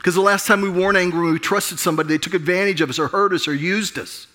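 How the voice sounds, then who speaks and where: Middle-aged pastor guy, bright kinda high voice, chatty sermon with lots of restarts. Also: fairly even intonation, fast. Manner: conversational, self-deprecating, frequent restarts. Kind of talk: sermon with personal story.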